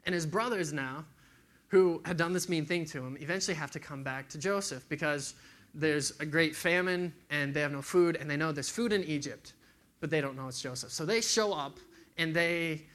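A man's voice: on the high side, normal speed, a bit bright. A man giving a casual, conversational sermon to a young group, acting out quotes as he tells a story.

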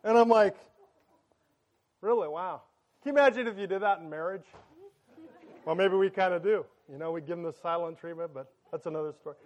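A man in his thirties, a pastor giving a sermon in church, telling joking family stories in a loud, excited way. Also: sits high, quick pace. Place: church sanctuary.

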